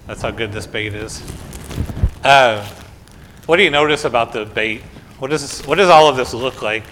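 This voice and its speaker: A man's voice: medium pitch, normal speed, fairly bright tone, slight background noise. A man pastor reading the gospel, then giving a conversational children's sermon full of questions in a church. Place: church sanctuary.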